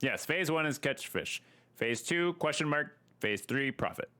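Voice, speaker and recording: A man's voice: fairly high pitch, animated, measured pace, sharp tone. A man chatting casually while streaming a game, joking and bantering with friends. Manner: joking, playful banter with bursts of silly voices. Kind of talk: casual gameplay chat.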